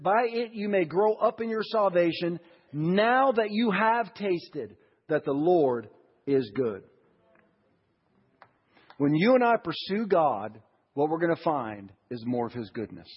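In a church sanctuary, a pastor delivers a sermon, posing questions to the congregation and building toward emphatic lines. His voice is high-pitched with a breathy edge, and the audio is dull, carrying a long church reverb.

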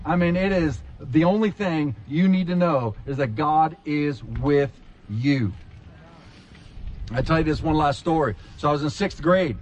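A man's voice: a little slow, poor audio. A man preaching a sermon, telling a childhood story and acting out the scenes with sudden jumps in his voice. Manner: animated storyteller, acts out scenes with big pitch jumps. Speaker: pastor.

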